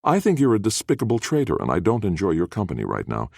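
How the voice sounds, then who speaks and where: A man's voice: fairly low pitch, wildly swooping pitch, fast, vocal fry, a little mellow, no echo, clean studio sound, voice pushed up, exaggerated voice. A man reading an audiobook, voicing a blunt, worldly woman with a sardonic, teasing manner. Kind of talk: audiobook character voice.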